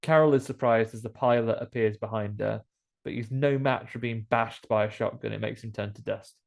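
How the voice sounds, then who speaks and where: Male co-host, mid-pitched, jokey film-recap banter. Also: fairly quick, vocal fry. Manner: chatty, jokey, acts out quoted lines. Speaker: podcast co-host. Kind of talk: casual film recap chat.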